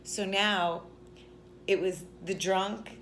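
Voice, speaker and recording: A woman vlogger speaks extremely slowly in a steady, mid-range, slightly bright voice as she tells a rambling, chatty story with lots of restarts and "like"s. There's a little hiss or hum.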